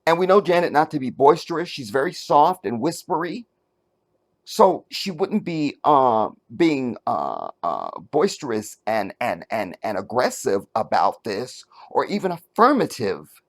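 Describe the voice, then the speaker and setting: A man hosting his own commentary channel, talking in a casual, animated way and checking that the viewer is following. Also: medium pitch, a little slow. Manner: animated, talks straight to the viewer, asks if they follow; searches for words, many restarts and fillers.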